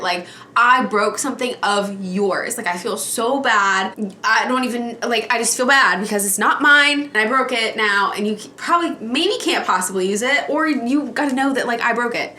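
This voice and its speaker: A woman vlogger chatting casually to viewers at home, animated and ranting about a pet peeve. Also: on the high side, moderate pace, slight background noise. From Alaska. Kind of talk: casual vlog chat. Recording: echoey room.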